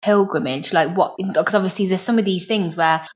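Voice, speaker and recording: A woman's voice: lowish voice, brisk. A woman hosting a podcast, chatting casually, reacting to stories and swearing now and then. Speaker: podcast host. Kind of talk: casual chat. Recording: slightly dull lo-fi sound.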